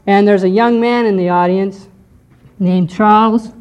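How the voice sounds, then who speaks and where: A woman teaching a history lesson to a class, explaining step by step and often pausing to check in with "okay". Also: medium pitch, fairly even intonation, a little mellow, highs cut off. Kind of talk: lecture on church history.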